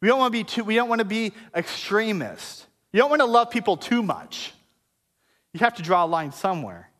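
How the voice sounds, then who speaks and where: A man's voice: high-pitched, animated, fairly quick, a bit bright. A man preaching a sermon to his congregation in a conversational, joking style with playful asides. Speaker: pastor. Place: church service before a congregation.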